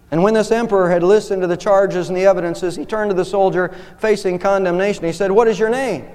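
A man's voice: sits high, a little mellow, clear, resonant tone. A man preaching a sermon as pastor, impassioned, his voice rising on key points. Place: church sanctuary. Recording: long reverb of a church hall.

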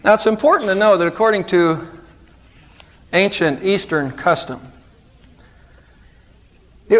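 A middle-aged pastor with a notably high voice delivers his sermon. He lifts his pitch for emphasis and then drops it low and quiet. The talk is dramatic and earnest from the pulpit. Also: lively intonation, a little slow, long pauses. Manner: dramatic preaching with sharp rises and drops in pitch.

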